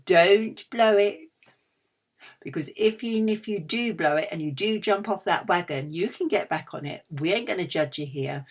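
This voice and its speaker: A woman's voice: medium pitch, a little hiss or hum. A middle-aged woman chatting casually through a food haul, cheeky and self-mocking. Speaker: vlogger.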